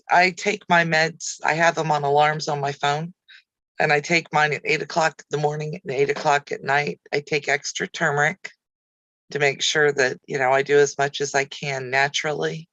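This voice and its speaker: A woman's voice: deep voice, a bit bright, no echo, poor audio. A woman hosting a casual livestream chat, talking easily and answering viewer comments by name. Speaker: craft channel host.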